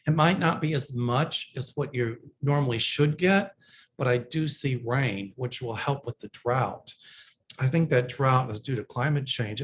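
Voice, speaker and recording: A man with an ordinary mid-pitched voice hosts a casual solo video as a psychic. He reads viewers' questions aloud and answers them with chatty, plain-spoken predictions and loose, slangy phrasing. A faint noise sits behind his voice.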